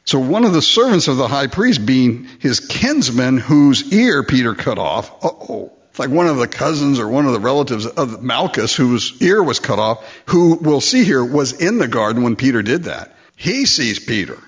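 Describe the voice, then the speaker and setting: A man preaching a sermon, animated and acting out the voices in the story. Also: medium pitch, moderate pace, hardly any pauses, slightly rough. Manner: animated, acts out voices in quotes. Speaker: pastor. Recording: dull lo-fi recording.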